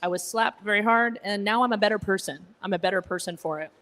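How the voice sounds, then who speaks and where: A woman's voice: medium pitch, quick pace, fairly bright tone. Woman stand-up, American accent like someone from Connecticut, at a gala, teasing and self-deprecating. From Egypt, raised in Alabama. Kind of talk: stand-up comedy set. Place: banquet hall with a live audience.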